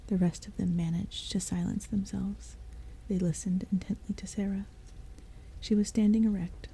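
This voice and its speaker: A woman reads a bedtime story in a soft, breathy half-whisper. Her tone is very dark and mellow at a middle pitch. Faint rain and thunder sit quietly behind her voice. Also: steady tone, normal speed, slight background noise, poor audio. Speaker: audiobook reader. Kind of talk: soft-spoken ASMR bedtime reading.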